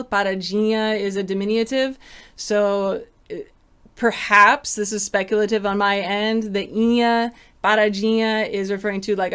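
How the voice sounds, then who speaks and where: A woman teaches viewers on a casual livestream and stops often to read out and answer their comments. Her voice is smooth and clear, at a middle pitch, and she talks over a computer mic. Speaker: samba teacher hosting a livestream.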